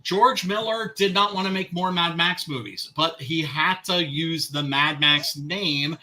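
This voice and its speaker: A man's voice: on the high side, a little slow, bright, forceful tone. A man in a casual podcast chat, emphatic, repeating himself and swearing freely. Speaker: podcast host.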